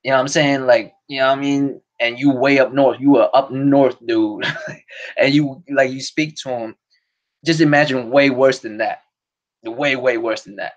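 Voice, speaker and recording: A man's voice: mid-range voice, steady tone, moderate pace, highs cut off. A man hosting a podcast stream, chatting casually in a rambling, profane way and laughing often. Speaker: podcast host. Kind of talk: casual solo stream chat.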